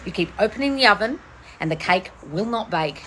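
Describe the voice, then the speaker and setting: A woman's voice: lively intonation, brisk, a bit bright, a little hiss or hum. Blunt, foul-mouthed woman coach outdoors. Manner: blunt, profane, swings between shrill bursts and low mutters. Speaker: manifestation coach answering viewer questions. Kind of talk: casual livestream Q&A.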